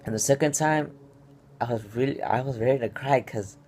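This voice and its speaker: A man's voice: mid-range voice, brisk, darkish tone, a little hiss or hum. A man telling a stressed personal story in a casual vlog, rambling with many fillers and restarts. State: stressed and upset. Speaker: vlogger.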